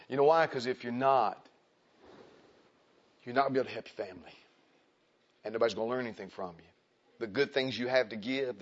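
A man preaching a folksy sermon, acting out the people in his stories. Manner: folksy, animated, acts out quoted people in high voices. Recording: dull lo-fi recording.

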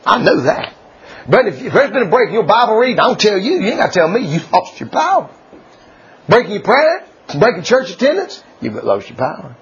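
A man preaching a folksy sermon, laughing often and swinging from loud declarations to hushed asides. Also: sits high, very animated, a little fast, a little hiss or hum. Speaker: pastor. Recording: dull lo-fi church recording.

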